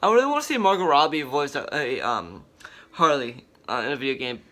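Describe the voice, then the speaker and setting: A man hosting a casual commentary vlog, talking in an excited, rambling way with many fillers and restarts. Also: mid-range voice, fairly quick. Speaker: vlogger.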